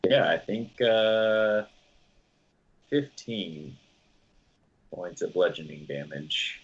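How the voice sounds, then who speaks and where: A man's voice: low voice, fairly even intonation, drawn-out words, husky, lo-fi sound. A man playing a tabletop game, hesitant and full of ums and uhs. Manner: hesitant, lots of um and uh. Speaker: player.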